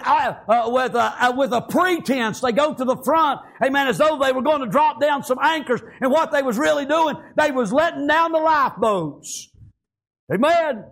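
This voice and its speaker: A man's voice: very high voice, normal speed, vocal fry, a bit bright. A man preaching a fervent sermon, peppering his speech with amens and praise Gods.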